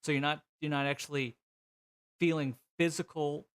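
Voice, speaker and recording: A man's voice: fairly high pitch, little pitch movement, moderate pace, clear, resonant tone. A man narrating a tabletop role-playing game as game master, describing scenes vividly with frequent fillers.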